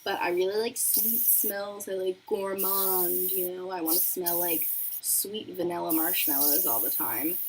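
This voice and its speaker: A woman's voice: on the low side, a little slow, few pauses. A young woman hosting a beauty livestream, chatting casually and reading viewer messages while she does her makeup in her apartment. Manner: bubbly, chatty, reads viewer messages aloud. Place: apartment room with a noisy radiator. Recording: faint room noise from radiator. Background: faint radiator hiss.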